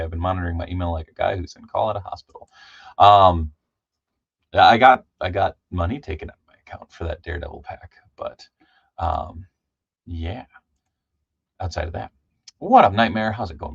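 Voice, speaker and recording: A man hosting a casual live stream, chatty and loose, shouting out viewers by name with lots of ums. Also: on the low side, gravelly, dry recording, lo-fi sound. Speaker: livestream host.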